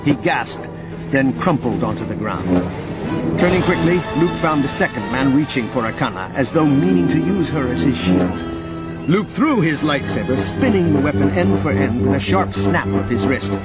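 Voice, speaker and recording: A man narrating an audiobook in a dramatic, lively reading. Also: mid-range voice, moderate pace. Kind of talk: scripted narration. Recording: dull audio under loud music.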